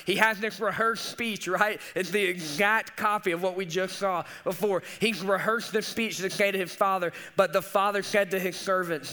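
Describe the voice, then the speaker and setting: A man's voice: high voice, fairly even intonation, moderate pace, hardly any pauses, bright, forceful tone. A young man preaching a sermon as a teaching pastor, earnest and conversational with casual asides.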